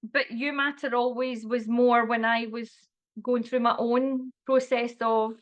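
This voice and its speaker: Earnest woman in her forties, fairly high voice, lots of ums and restarts, casual chat. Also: flat delivery, measured pace. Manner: warm, earnest, with many fillers and restarts. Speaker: wellbeing guest. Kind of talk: casual conversation.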